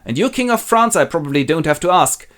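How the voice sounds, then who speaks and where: A man doing a shouting old king. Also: fairly high pitch, sing-song, quick pace, voice pushed up. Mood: choleric. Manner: shouting, petulant. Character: hot-tempered, vain old king.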